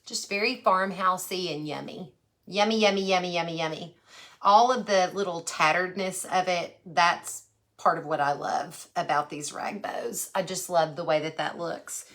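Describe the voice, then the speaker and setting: A woman with a Texas accent hosting a casual craft livestream, chatty and folksy, warmly greeting viewers by name as she works. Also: lowish voice, moderate pace. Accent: Texan.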